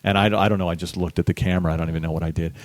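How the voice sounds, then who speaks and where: A middle-aged man, a bass musician, telling a lively story in a casual interview, acting out the people he quotes. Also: racing, no echo. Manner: animated storyteller, acts out quoted voices. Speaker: guest musician.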